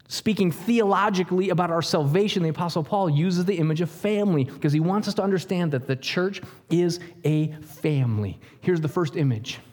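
Animated preaching man, fairly high voice. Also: long reverb tail. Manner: animated preaching with jokes and rhetorical questions. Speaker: pastor. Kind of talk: sermon.

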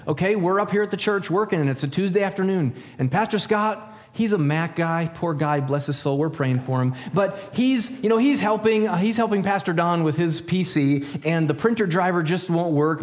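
Male pastor, conversational sermon delivery, slightly high voice. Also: big-room sound. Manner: conversational, asks rhetorical questions; acts out stories in quoted voices.

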